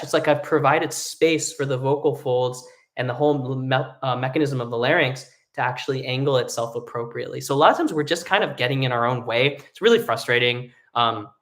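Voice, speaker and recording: A man who sings tenor, teaching a live singing lesson in a relaxed, explanatory way, with hummed and sung demonstrations. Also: mid-range voice. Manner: explains casually, demonstrates hums and sung vowels.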